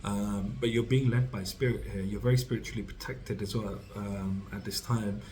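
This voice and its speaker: Low, flat-voiced man giving a tarot reading. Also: moderate pace, slight background noise, low-quality recording. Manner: rambling, full of fillers and restarts; reassuring, speaks directly to the listener. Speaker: tarot reader.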